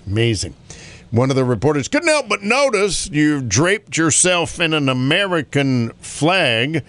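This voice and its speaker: A man's voice: fairly high pitch, big pitch swings, measured pace, a bit bright. A man from North Carolina hosting a morning radio show, chatting casually in a rambling way and laughing often.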